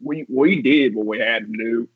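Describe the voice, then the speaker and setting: A man's voice: medium pitch, normal speed, slightly rough, no room sound, narrow, tinny audio. A man on a film podcast panel, chatting casually with jokey asides. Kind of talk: casual chat.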